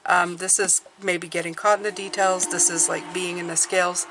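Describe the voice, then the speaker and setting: A woman's voice: on the low side, flat delivery, normal speed, background noise. A woman giving a casual, encouraging tarot and numerology reading, chatting and thinking aloud as she draws cards.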